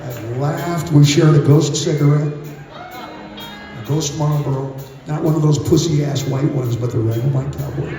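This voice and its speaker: A man's voice: a little high, steady tone, measured pace. Brash older man on a concert stage. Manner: brash, profane, theatrical. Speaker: rock singer telling stories on stage. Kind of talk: onstage storytelling banter. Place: large concert venue. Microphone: handheld stage mic. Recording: echoey live concert audience recording. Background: band music and cheering crowd.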